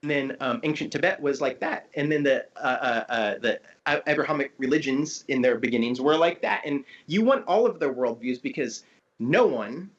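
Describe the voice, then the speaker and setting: Animated man explaining, dull lo-fi audio. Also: medium pitch, normal speed. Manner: animated, explanatory, acts out tones of voice. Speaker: guest teacher of symbolism. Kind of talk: casual conversation.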